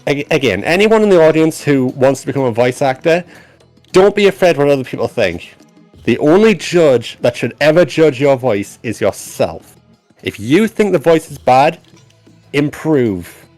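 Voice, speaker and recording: A man's voice: a little high, expressive, normal speed, darkish tone, no echo, soft background music. Chatty male voice actor, dry sound. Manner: chatty, rambling with restarts, demonstrates voices. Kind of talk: casual chat on a dev stream.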